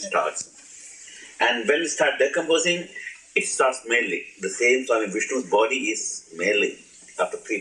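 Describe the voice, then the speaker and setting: Playful teacher in an echoey hall. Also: male voice, fairly low pitch, fairly bright tone. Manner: playful, laughing, asks the audience questions. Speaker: spiritual teacher. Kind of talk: informal spiritual talk to an audience. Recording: echoey room, old archive recording.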